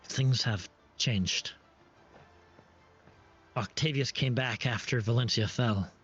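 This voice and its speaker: A man's voice: mid-range voice, takes it slowly, fairly bright tone, dull audio, faint music behind. A man voicing a fearful secretive mother. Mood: urgent.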